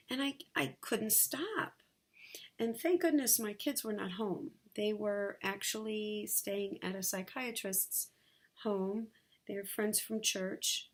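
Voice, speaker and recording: A woman vlogging from her sunlit bedroom, sharing a personal story in a candid, halting way with many fillers. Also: medium pitch.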